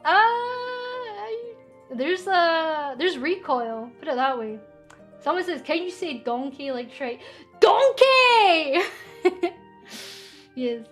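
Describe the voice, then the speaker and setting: A young woman chats casually on a stream, reading out comments and giggling. Her voice sits high. Faint music plays underneath. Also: lively intonation, unhurried. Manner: giggly, bubbly, reads comments aloud. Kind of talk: casual chat reading viewer questions.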